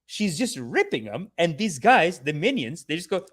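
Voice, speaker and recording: A young man hosting a comedy podcast, riffing in a profane, animated way. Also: a little high, moderate pace, hardly any pauses, breathy edge. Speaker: podcast host.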